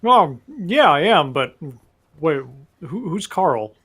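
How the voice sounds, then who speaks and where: Wry, rambling man, a bit high-voiced. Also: sing-song, takes it slowly, a bit bright, breathy edge. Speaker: co-host of a let's play show. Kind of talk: casual gaming chat.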